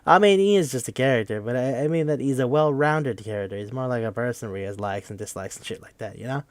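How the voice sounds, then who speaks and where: A man's voice: mid-range voice, no room sound. A young man as podcast host, rambling and swearing casually as he recaps a game. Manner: rambling, profane, quick to act out quoted lines.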